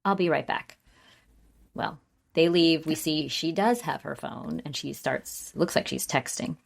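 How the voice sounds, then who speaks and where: A woman's voice: low voice, a little slow, creaky. A woman co-hosting a podcast, chatting casually as she recaps a TV episode and acts out the characters' lines. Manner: retells scenes, acting out characters' lines in a raised voice. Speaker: podcast co-host.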